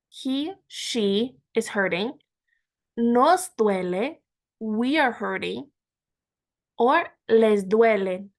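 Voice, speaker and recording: Woman Spanish teacher, slow careful delivery, fairly high voice, repeats words for learners. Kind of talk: language lesson.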